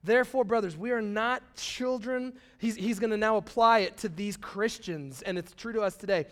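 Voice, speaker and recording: A young man preaching a sermon in a casual, animated storytelling way, full of slang and acted-out quotes. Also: high voice, moderate pace. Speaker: pastor.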